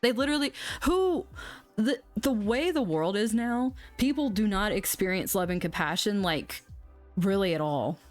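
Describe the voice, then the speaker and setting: A woman's voice: medium pitch, expressive, normal speed, faint music behind. A young woman hosting an astrology livestream, chatting bluntly and casually, swearing now and then. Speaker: astrology channel host.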